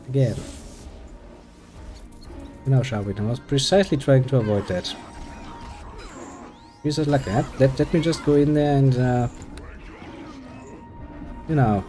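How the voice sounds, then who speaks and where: A man's voice: mid-range voice, mellow. A man giving sarcastic, muttered commentary while playing a game, swearing freely. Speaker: gameplay commentator. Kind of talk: casual gameplay commentary.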